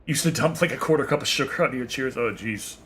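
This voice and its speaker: Bright-voiced man rambling casually on stream. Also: mid-range voice, quick pace. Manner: rambling, profane, chuckling. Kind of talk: casual chat with viewers while playing.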